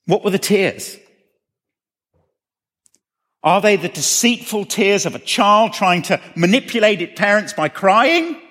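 A man's voice: sits high, a bit bright. A man preaching a sermon, earnestly asking questions and repeating phrases for emphasis. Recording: long reverb of a hall.

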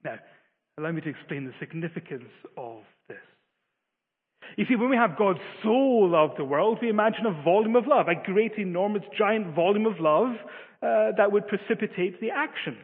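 A man's voice: high-pitched, animated, fairly quick, breathy edge. A man preaching a sermon with earnest, emphatic delivery and frequent stumbling restarts. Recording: phone-like, long-reverb hall.

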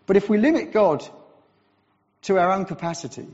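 English preacher in a reverberant church. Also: male voice, high-pitched, normal speed. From England. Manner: animated storytelling with self-deprecating asides. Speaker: visiting preacher. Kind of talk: sermon. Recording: dull recording with long church reverb.

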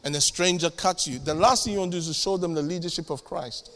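A man with a high, bright voice delivers a lively church sermon, swinging from joking asides to sudden loud punches. He is speaking into a stage mic in a church hall, and the sound carries a long reverb tail. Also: fast talker. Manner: animated, jokey preaching with sudden loud bursts and acted-out dialogues. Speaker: pastor.

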